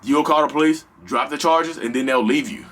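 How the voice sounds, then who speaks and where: A man hosting a casual advice vlog, talking straight to his viewers in an animated, slangy, rambling way. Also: on the high side, brisk. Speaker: vlog host.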